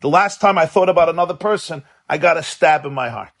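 A man speaking in an earnest, halting, introspective personal monologue. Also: on the high side, vocal fry, fairly bright tone.

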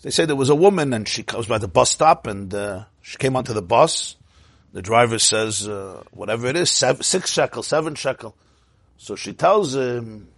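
A husky man with a slightly high voice tells stories in an animated way, laughing between lines. His pitch swings wide, and the dry recording keeps him close. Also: fairly quick, no room sound. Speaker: Torah speaker. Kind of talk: lively storytelling talk.

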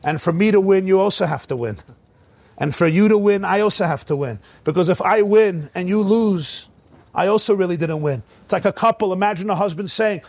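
A rabbi giving a sermon in a fairly high voice, telling stories with energy and acting out each voice. The sound is close and dry, with no room echo. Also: male voice, a little fast. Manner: animated storytelling, acting out quotes.

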